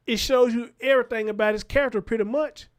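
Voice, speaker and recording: Animated high-voiced man riffing to chat. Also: fast talker, clean tone. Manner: animated, talks straight to chat. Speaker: livestream show host. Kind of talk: casual livestream commentary.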